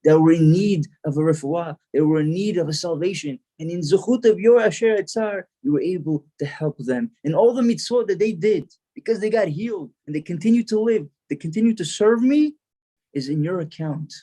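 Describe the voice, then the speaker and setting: A man's voice: sits high, lively intonation, fairly quick, mellow. A man voicing God, who speaks with loving authority and declares each point emphatically. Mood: declaring.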